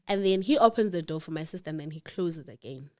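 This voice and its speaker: A woman telling a personal story as a guest, animated and acting out the quoted dialogue. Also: sits low, quick pace. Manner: animated, acts out quoted dialogue, laughs in disbelief.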